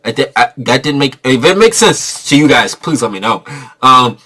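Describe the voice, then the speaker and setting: Rambling, profane male vlogger reviewing a film, bright voice. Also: medium pitch, lively intonation, normal speed. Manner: rambling, profane, filler-heavy. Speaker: movie reviewer. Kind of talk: casual spoken movie review.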